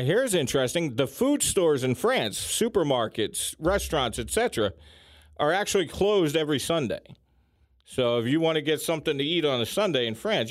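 A man's voice: medium pitch, dry recording. Chatty man with a dry close sound. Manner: chatty, lively emphasis with filler ums. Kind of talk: casual chat.

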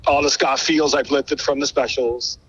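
A man being interviewed as a guest musician, telling a long story in a casual, profane, animated way. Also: mid-range voice, moderate pace, husky, muffled recording. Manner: animated, profane, acts out quoted dialogue.

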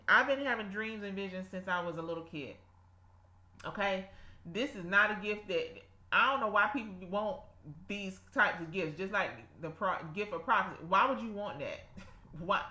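A woman's voice: medium pitch, pushed and bright, roomy sound. A woman preaching informally to her listeners, fervent and repetitive, breaking into laughs and exclamations. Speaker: podcast host and Bible teacher.

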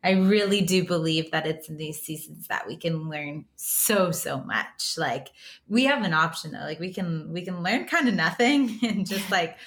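A woman's voice: lowish voice, lively intonation, moderate pace, a bit bright. A woman co-hosting a faith podcast who speaks in a reflective, affirming way during casual chat. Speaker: podcast co-host.

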